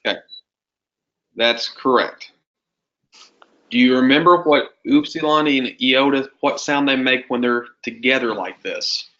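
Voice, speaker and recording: A man leads a classroom Greek lesson at an unhurried pace, patiently drawing answers out of his students with questions. His voice sits at an ordinary pitch. The recording is dull and lo-fi, as if captured on a modest device in the classroom. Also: bright, forceful tone. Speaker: Greek teacher. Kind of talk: classroom teaching.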